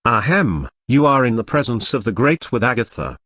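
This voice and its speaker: A man's voice: mid-range voice, big pitch swings, normal speed, fairly bright tone, dry recording, clean studio sound. A man voicing a proud, commanding female witch who talks in a haughty, impatient way. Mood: imperious.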